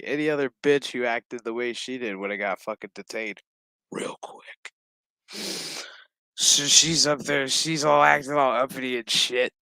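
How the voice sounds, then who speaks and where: Male recap host, slow and foul-mouthed, with a bright, slightly high voice. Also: clear, resonant tone, dry recording. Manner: profane, laughing, loose storytelling. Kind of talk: casual episode recap commentary.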